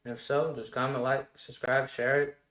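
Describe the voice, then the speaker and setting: A man casually walking through his production steps one by one in a relaxed tutorial, with the odd filler word. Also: medium pitch, moderate pace. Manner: relaxed step-by-step explaining with fillers. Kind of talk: casual screen-recorded tutorial. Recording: roomy echo. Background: faint music playing.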